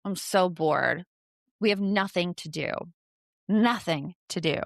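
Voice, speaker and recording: A woman's voice: on the low side, slow, gravelly, no room sound, studio quality. A woman voicing a bored young child who whines in a sulky, drawling way. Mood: whiny.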